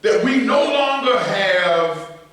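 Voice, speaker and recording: A middle-aged pastor preaching a sermon, swinging between loud emphasis and quiet asides. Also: male voice, sits high, lively intonation, takes it slowly. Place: church sanctuary. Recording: echoey church, voice from a distance.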